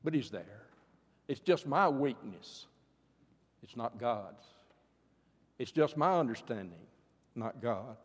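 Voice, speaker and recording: An older man preaching a sermon in an earnest way. His voice rises to fervent pleas and then drops soft. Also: mid-range voice, animated, takes it slowly, long pauses, slightly rough. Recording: long hall reverb.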